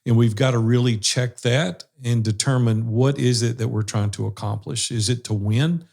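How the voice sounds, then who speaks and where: Gravelly-voiced man hosting a talk show. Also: mid-range voice, fairly even intonation, moderate pace, a little mellow. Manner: earnest, storytelling. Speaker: podcast host. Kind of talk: casual panel discussion. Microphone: video call.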